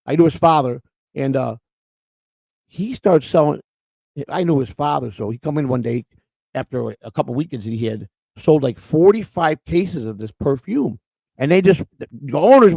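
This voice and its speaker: Gravelly, rambling man telling stories. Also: fairly high pitch, animated, moderate pace, darkish tone, no echo, low-quality recording. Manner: rambling storyteller, repeats words. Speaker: co-host. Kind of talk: casual livestream chat.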